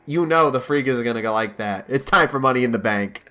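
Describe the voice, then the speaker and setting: A man giving mock play-by-play wrestling commentary over gameplay, excitable like a hype announcer. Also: mid-range voice, brisk, faint music behind.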